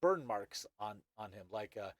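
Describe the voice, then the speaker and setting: A man narrating as game master, halting with many restarts. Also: fairly low pitch, expressive, no room sound.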